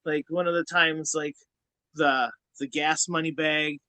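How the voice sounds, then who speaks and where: A man's voice: fairly high pitch, little pitch movement, a little slow, bright, forceful tone, no room sound, rough recording. Profane, rambling man telling stories. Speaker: podcast guest, former wrestler. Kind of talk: casual storytelling.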